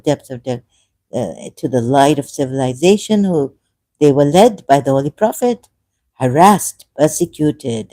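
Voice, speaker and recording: An impassioned man talks through an emotional solo commentary, his voice mellow and dark. He swings from loud outbursts to quiet asides. The recording is dry and close. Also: on the high side, no room sound. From Shia Muslim background. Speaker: ex-Muslim commentator.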